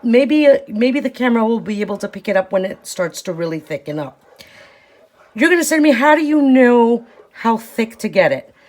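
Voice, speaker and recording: A woman with a fairly high voice talks through a recipe at home, explaining each step in an easygoing, chatty way. Her voice carries a noticeable room echo from the kitchen around her. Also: a little mellow. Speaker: cooking show host. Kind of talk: casual cooking demonstration.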